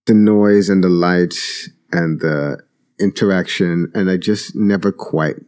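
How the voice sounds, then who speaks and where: A man's voice: deep voice, takes it slowly, darkish tone, smooth. A man co-hosting a casual talk podcast, telling stories loosely with many fillers and restarts. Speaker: podcast co-host. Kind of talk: casual conversation.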